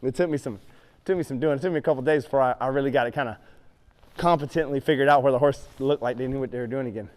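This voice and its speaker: A man's voice: mid-range voice, racing. A middle-aged man who trains horses. He tells vivid stories and acts them out, then coaches a rider through a hands-on lesson in an arena. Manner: animated, vivid storyteller who acts out his reactions. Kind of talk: storytelling and hands-on riding instruction.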